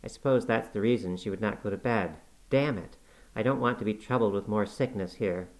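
A man voicing a harsh young master of the house, speaking gruffly and scornfully. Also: on the low side, brisk, natural voice, rough recording. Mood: stern.

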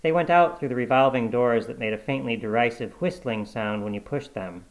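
A man narrating a short story aloud in a steady, measured storybook reading. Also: medium pitch, rough recording.

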